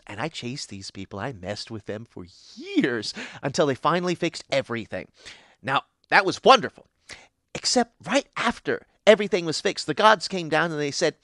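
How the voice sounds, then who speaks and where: Ancient unhinged pixie, voiced by a man: lively pitch that leaps into squeals, bright edge, dry close sound. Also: no room sound. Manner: rambling, giddy, sudden high squeals. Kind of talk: character monologue for fan animation.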